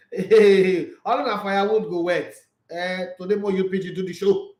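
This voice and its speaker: On his own livestream, a Nigerian man with a high voice talks sports casually at a normal pace. He's animated, laughs a lot, and moves between Pidgin and English. The audio echoes like a bare room.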